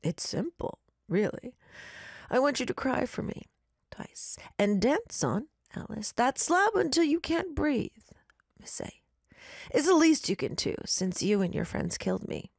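A woman voicing a vengeful dead young man who speaks slowly and menacingly and drops into whispers. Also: high voice, very animated, vocal fry, a little mellow, slightly rough, no echo, clean studio sound, pitched above the performer's own voice, exaggerated voice.

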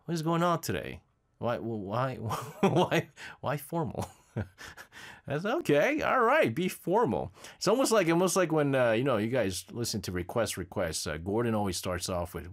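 A man's voice: mid-range voice, lively intonation, normal speed. A male radio host in a studio, reading out listener messages in casual, rambling chat and laughing often. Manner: chatty, laughs often, loose with fillers.

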